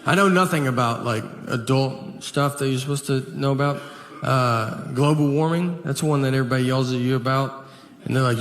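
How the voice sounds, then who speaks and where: A middle-aged man with a Southern American accent doing stand-up comedy on stage, rambling through self-deprecating stories in a deadpan way. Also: mid-range voice, a little fast. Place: stage before a laughing crowd. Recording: live audience laughter and noise.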